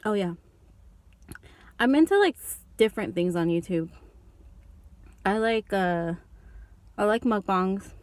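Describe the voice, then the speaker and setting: A woman's voice: medium pitch, no echo. A young woman vlogger eating lunch in her parked car, rambling casually into her phone and coughing now and then. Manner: rambling, chatty, eating and coughing while talking. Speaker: beauty vlogger. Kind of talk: casual mukbang chat. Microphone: phone held in hand.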